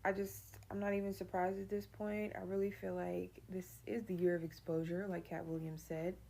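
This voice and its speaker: A woman's voice: lowish voice, little pitch movement, moderate pace, vocal fry, dark tone. A woman giving casual, gossipy commentary in an unsurprised tone. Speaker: social video commentator.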